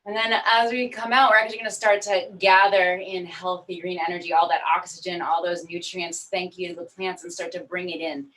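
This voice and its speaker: A woman's voice: on the low side, flat delivery, fairly quick, hardly any pauses, fairly bright tone. A woman leading a guided movement and breathing session, soothing and encouraging with step-by-step cues. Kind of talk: guided exercise instructions. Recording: voice from far off the mic.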